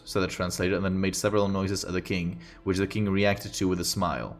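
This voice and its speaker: A man reading a fantasy story aloud on a stream, with steady, unhurried storytelling. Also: sits low, soft background music.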